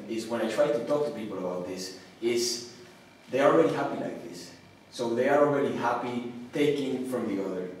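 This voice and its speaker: A man's voice: medium pitch, darkish tone, a little hiss or hum. A man asking a long, hesitant question, restarting often as he searches for words. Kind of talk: conversational question. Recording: echoey room, far from mic.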